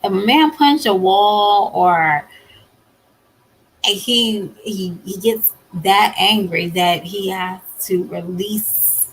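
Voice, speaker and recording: Woman vlogger, husky and unhurried, blunt and emphatic, chatty to camera. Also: mid-range voice, low-quality recording. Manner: emphatic and blunt, with repeated refusals; conversational with many fillers. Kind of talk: candid talk to camera.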